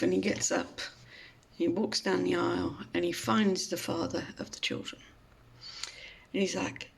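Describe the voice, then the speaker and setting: A woman gives a mindfulness talk in the form of a story. She speaks slowly and gently, with a gravelly, fry-tinged voice. Her delivery is calm and reflective. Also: lowish voice.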